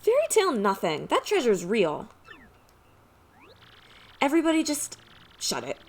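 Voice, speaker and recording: A woman plays a gruff, commanding mob boss from a video game, leaning on slangy tough-guy talk and a put-on mobster accent. The voice sits a little high and bounces around in pitch. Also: wildly swooping pitch, a little slow, full character voice. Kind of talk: reading game dialogue aloud.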